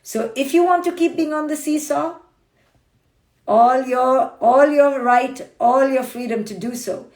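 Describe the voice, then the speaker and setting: A woman psychologist giving a brisk, blunt motivational talk on a phone livestream, acting out people's inner voices as she goes. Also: high-pitched, darkish tone. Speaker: clinical psychologist and author. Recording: roomy echo.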